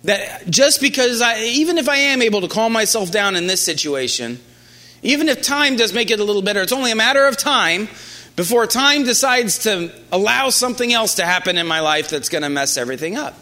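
Bright-voiced man preaching conversationally. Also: expressive. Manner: conversational, halting restarts with quiet, low-pitched quoted lines. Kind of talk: sermon.

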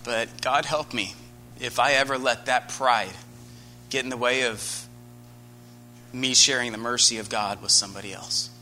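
A man's voice: mid-range voice, moderate pace, long pauses, soft background music. An American man preaching a sermon, telling a personal story with earnest, rising energy. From United States. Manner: earnest storytelling, grows animated and loud.

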